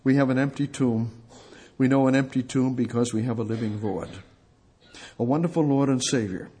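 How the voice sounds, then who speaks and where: Fervent husky male preacher. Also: mid-range voice, moderate pace. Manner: fervent, repetitive, swings between loud outbursts and hushed prayer. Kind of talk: sermon.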